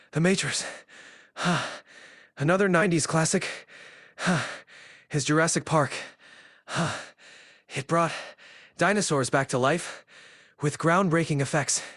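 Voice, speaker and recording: A man's voice: a little high, slow, long pauses, fairly bright tone, no room sound, clean studio sound. A man talking in a casual chat, out of breath and sighing heavily between phrases.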